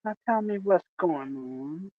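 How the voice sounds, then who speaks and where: Brief: man playing affectionate coworker, soft cooing, dry muffled sound. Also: high voice, lively intonation, slow pace, dry recording. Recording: dull dry recording.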